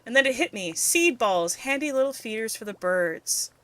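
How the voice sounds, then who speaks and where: A woman's voice: fairly high pitch, animated, moderate pace, fairly bright tone. A woman reading as a kindly village cook. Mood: cheerful. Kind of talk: reading game dialogue aloud.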